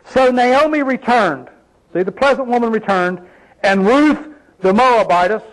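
A man's voice: extremely high pitch, lively intonation, a little slow, poor audio. A man preaching a sermon in an emphatic, folksy way, full of rhetorical questions.

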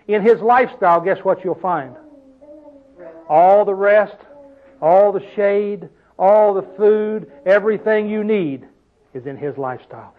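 A man's voice: sits high, narrow, tinny audio. A man preaching a sermon to his congregation in a church hall, with a preacherly manner full of exclamations. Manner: preacherly, call-and-response exclamations. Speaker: pastor.

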